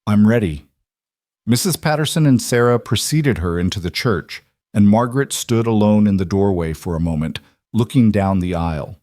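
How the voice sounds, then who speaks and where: A man narrating a scripted western romance story in a measured, gentle way. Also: on the low side, no echo, studio quality.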